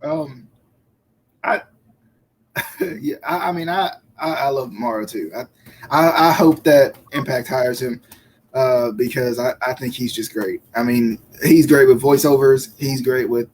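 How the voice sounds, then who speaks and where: A man's voice: medium pitch, a little slow, darkish tone. A man co-hosting a wrestling podcast in casual chat, often stammering and repeating words as he talks. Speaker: podcast co-host.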